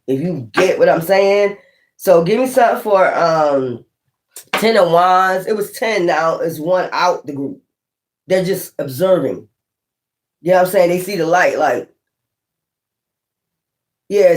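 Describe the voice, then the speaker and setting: Tarot reader doing a loose, profane reading with heavy slang and emphatic repetition, mid-range voice. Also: medium pitch. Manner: rambling, profane, streetwise slang; emphatic, repeats points.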